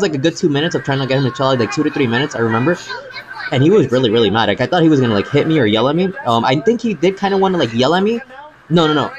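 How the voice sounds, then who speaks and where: A man's voice: a little high, poor audio. A man streaming live, telling a long story in a rambling, casual way, repeating words and calling the listener bro.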